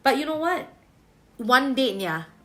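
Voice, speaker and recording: A Singaporean woman doing a livestream tarot reading, talking in a chatty, colloquial way sprinkled with Singlish particles. Her voice sits a little high, and she reassures the viewer like a big sister giving advice. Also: sing-song, a little slow. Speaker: tarot reader.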